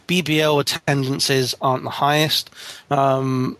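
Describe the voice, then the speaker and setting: A man's voice: medium pitch, flat delivery, unhurried, a bit bright, no room sound. British man, young, emphatic, playful, dry close mic. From United Kingdom. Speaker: podcast co-host. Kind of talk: casual basketball chat.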